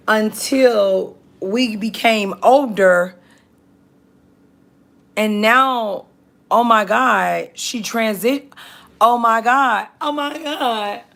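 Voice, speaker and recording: A woman's voice: fairly high pitch, fairly bright tone. A woman hosting a livestream, chatting casually with viewers and reading out their comments in a chatty, emphatic way. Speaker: livestream host.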